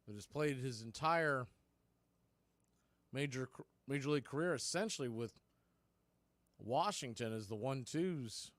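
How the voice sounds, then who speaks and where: Male radio play-by-play caller, steady and chatty between pitches, mid-pitched voice, dry studio mic. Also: no echo. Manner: steady conversational calling with asides. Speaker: play-by-play announcer.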